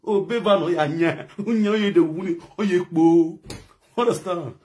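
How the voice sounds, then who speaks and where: A man's voice: sits high, normal speed, a little mellow. A man from Edo State with a Nigerian accent, delivering a heated, scolding online rant that switches between pidgin and a local language. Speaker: social media commentator.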